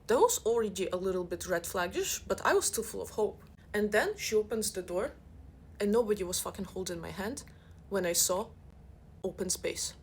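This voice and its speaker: A woman's voice: medium pitch, lively intonation, quick pace, slight background noise. A young woman telling a funny personal story with sarcastic, profane asides. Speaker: storyteller vlogger.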